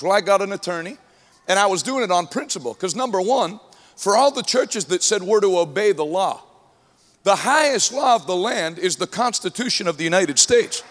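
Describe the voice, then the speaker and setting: A man preaching a sermon to a congregation, telling humorous stories and at times rising to shouts. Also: high-pitched, expressive, moderate pace. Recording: long hall reverb.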